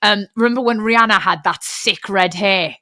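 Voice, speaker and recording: A woman's voice: medium pitch, moderate pace, sharp tone, no room sound, studio quality. Chatty woman, laughing host. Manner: chatty, laughs a lot, says mate. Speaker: podcast host. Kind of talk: casual chat.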